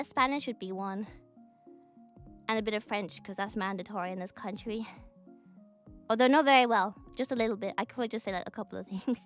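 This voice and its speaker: Giggly young woman streamer, neutral British. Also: on the high side. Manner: giggly, rambling, swears casually. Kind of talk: casual chat while drawing on stream.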